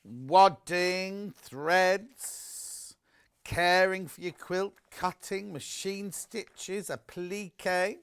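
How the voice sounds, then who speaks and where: A man's voice: sits high, extremely slow, fairly bright tone, clean tone. A man presenting a live home shopping broadcast, chatty and gushing, reading out viewer messages as he shows products.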